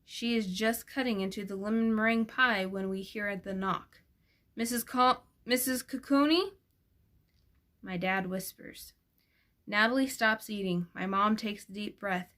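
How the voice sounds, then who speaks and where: A woman reads a first-person novel aloud at an even middle pitch. She sounds gentle and expressive, and she changes her voice for each character in the dialogue. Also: moderate pace. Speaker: audiobook reader. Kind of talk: first-person audiobook narration.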